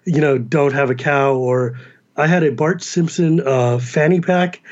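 An animated American man with a Californian accent, talking in a slightly raised voice. He chats with quick asides and frequent laughs, and the recording sounds dull and lo-fi. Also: on the high side. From United States. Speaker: podcast guest. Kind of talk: casual chat.

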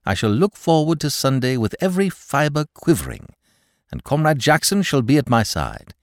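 A man voicing a languid young gentleman who speaks with grave, florid irony. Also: medium pitch, big pitch swings, moderate pace, no echo, studio quality, voice pushed up. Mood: mock-grave.

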